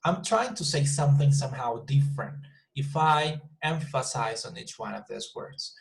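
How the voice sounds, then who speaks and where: A man runs an online English class in a mid-pitched voice. He is patient and repeats each example sentence slowly, moving the stress from word to word. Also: lively intonation, gravelly, rough recording. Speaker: English teacher.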